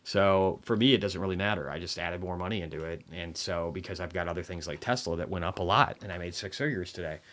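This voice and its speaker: Deep-voiced man, blunt and profane. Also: quick pace, few pauses, fairly bright tone. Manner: rambling, with many restarts and filler asides. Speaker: livestream host reviewing markets. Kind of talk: casual livestream commentary.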